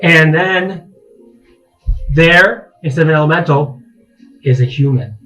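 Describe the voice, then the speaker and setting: A man's voice: a little high, measured pace, sharp tone, soft background music, low-quality recording. A man narrating a tabletop game as game master, rambling through the scene with many fillers and restarts.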